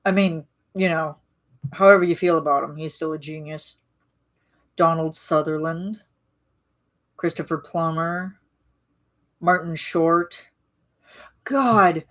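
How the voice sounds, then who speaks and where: A woman's voice: fairly low pitch, steady tone, slow pace, long pauses. A woman rambling casually in a live-stream chat with her viewers, full of restarts and fillers. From Canada.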